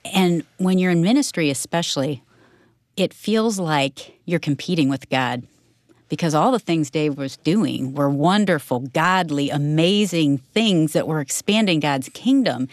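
A middle-aged woman, a radio co-host, telling her story in a candid interview, earnest and expressive and quick to laugh. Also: deep voice, dry recording, studio quality.

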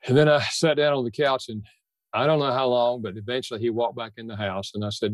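A man's voice: mid-range voice, fairly even intonation, a little fast, no echo. An older man speaking as a podcast guest, telling a personal story in an earnest, heartfelt way.

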